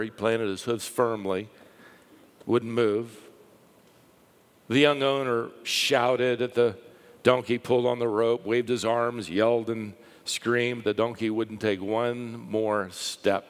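A man preaching a sermon, telling stories with lively rises and a hushed drop for the quiet parts. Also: mid-range voice. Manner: lively storytelling, dropping to a hush for quiet lines. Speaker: pastor. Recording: long hall reverb.

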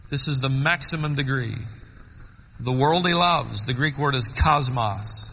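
A man preaching a sermon, swinging between soaring emphatic peaks and quiet low asides. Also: unhurried, long reverb tail, slight background noise, rough recording.

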